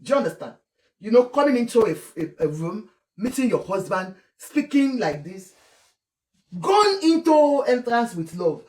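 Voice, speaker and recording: A Nigerian woman giving animated, scolding commentary on celebrity gossip, slipping between English, Yoruba and Pidgin. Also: on the high side, normal speed, roomy sound. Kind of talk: casual commentary vlog.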